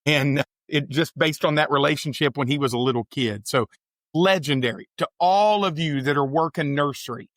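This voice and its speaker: A man's voice: on the high side, moderate pace, a bit bright, no echo, studio quality. A man, a pastor hosting a church podcast, breaking in with earnest asides to listeners and stumbling over his starts. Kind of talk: conversational interview hosting.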